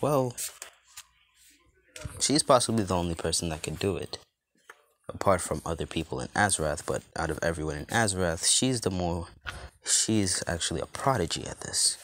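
A man's voice: low voice, fairly bright tone, slight background noise. A man casually retelling a fan story, rambling with lots of fillers and restarts.

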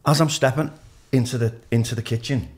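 A man's voice: mid-range voice, fairly quick, breathy edge. A man with a Liverpool accent, a DJ telling frank stories as a podcast guest, swearing freely and restarting his sentences. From Liverpool, England. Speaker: DJ and radio presenter, podcast guest. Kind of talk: candid storytelling in conversation.

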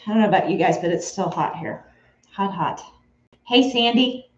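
A woman's voice: mid-range voice, lively intonation, moderate pace. A woman hosting a live sewing stream from her home studio, chatting casually and greeting viewers by name. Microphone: camera mic in the room. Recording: roomy, slightly dull sound.

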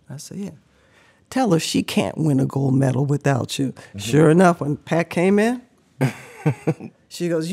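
A middle-aged woman, a podcast guest, telling an animated story, laughing often and acting out the voices of people she quotes. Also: low voice, breathy edge.

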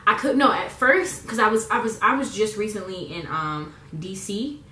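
A woman's voice: mid-range voice, normal speed, sharp tone, far from the mic, slight background noise. Chatty young woman, echoey room. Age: young adult. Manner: chatty, rambling, many fillers and likes. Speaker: beauty vlogger. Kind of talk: casual get-ready-with-me chat.

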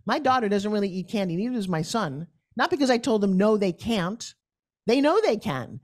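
A middle-aged woman speaking as a guest in an interview, telling lively stories and acting out other people's voices. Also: moderate pace. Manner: acts out quoted voices with big pitch jumps. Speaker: guest, pitch expert. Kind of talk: animated storytelling interview.

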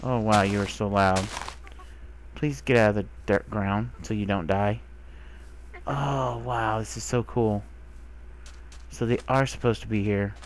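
A young man doing casual game commentary, talking to the animals he finds and getting excited by them. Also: fairly low pitch, unhurried, pauses often, slight background noise. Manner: talks to animals, excitable, squeals when delighted. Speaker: gamer. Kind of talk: casual let's play commentary.

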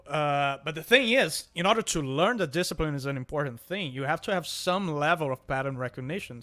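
A man's voice: on the high side, fairly bright tone. A man in casual podcast chat, reasoning aloud and repeating words as he goes.

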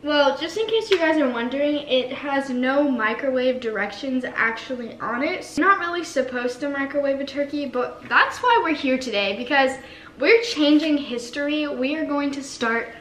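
A woman's voice: high-pitched, lively intonation, moderate pace, fairly bright tone, echoey room, a little hiss or hum, low-quality recording. A young woman rambling chattily through a cooking vlog, mocking herself as she goes. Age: young adult. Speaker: vlogger.

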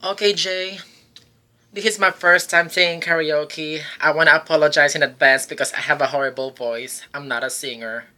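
A man's voice: fairly high pitch, steady tone, normal speed, sharp tone. A man voicing a nervous woman who apologizes before singing karaoke for the first time. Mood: apologetic. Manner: apologetic, self-deprecating.

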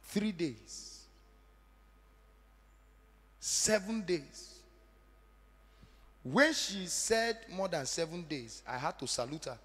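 A man preaching a fervent sermon, swinging between hushed storytelling and shouted, sing-song emphasis. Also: fairly high pitch, expressive, takes it slowly, long pauses, breathy edge, in a large hall.

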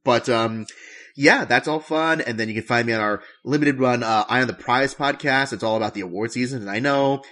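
A man's voice: mid-range voice, a little fast, bright, forceful tone. A man as a guest on a casual podcast, talking in a self-deprecating way.

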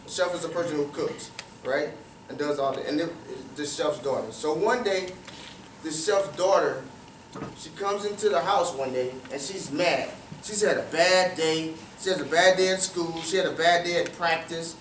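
Casting: man with a high voice, interactive storyteller asking the audience questions, in an echoey room, faint ambience. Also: normal speed, slight background noise. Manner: repeats phrases for emphasis. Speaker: guest speaker at a youth cricket academy. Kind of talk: motivational storytelling talk. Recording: roomy, distant, faint ambience.

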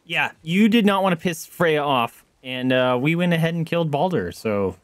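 A young man streaming a video game, reacting with excited, swearing commentary and yelling at the screen. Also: on the high side, moderate pace, no room sound.

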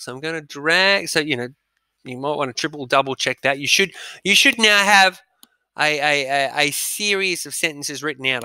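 A male schoolteacher leads a dictation exercise in a chatty, upbeat way. His voice is bright and crisp, a touch higher than most men. The recording is dry and close. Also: no echo. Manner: chatty, upbeat teacher instructions with frequent ums. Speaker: primary school teacher. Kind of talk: remote dictation lesson. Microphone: recorded audio, speaker not seen.

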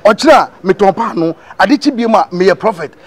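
A man's voice: high-pitched, expressive, fast. A man voicing an exasperated friend who scolds and mocks a liar, with a Ghanaian accent, in a comic cartoon dub. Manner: scolding, shouting, mocking.

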